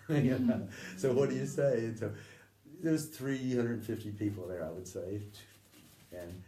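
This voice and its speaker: A middle-aged man recounting memories in a halting, conversational way, often acting out the voices he quotes and sometimes dropping to a near whisper. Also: on the low side, mellow, slight background noise. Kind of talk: conversational anecdote telling. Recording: distant roomy recording with faint ambience.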